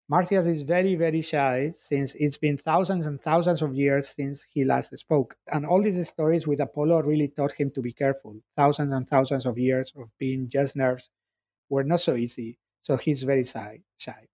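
A man reading his story aloud in a lively way, then discussing it as its author. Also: fairly high pitch, normal speed, no room sound. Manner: lively, acts out the voices. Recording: dull dry recording.

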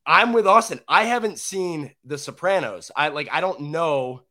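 A man's voice: on the high side, lively intonation, normal speed, bright, forceful tone. A young man co-hosting a casual sports talk show, chatty and self-deprecating. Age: young adult. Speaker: co-host.

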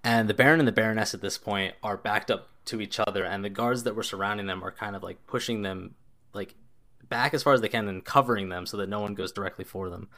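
A man's voice: lowish voice, quick pace, bright, forceful tone. A man narrating as game master of a tabletop game, in a loose, descriptive way with lots of casual filler words.

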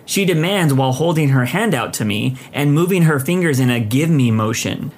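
Lively male Reddit story narrator. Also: mid-range voice, normal speed, few pauses.

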